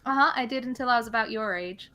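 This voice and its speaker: A woman's voice: fairly high pitch, quick pace, bright, forceful tone. A woman playing a tabletop game, speaking in character in a casual, reassuring, joking way. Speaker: player. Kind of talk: in-character tabletop role-play.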